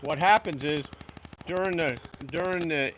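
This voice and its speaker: A man explaining how oyster cages get set in the water, halting and repeating words as he works it out. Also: a little high, background noise. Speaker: oyster farm worker. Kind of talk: explaining equipment.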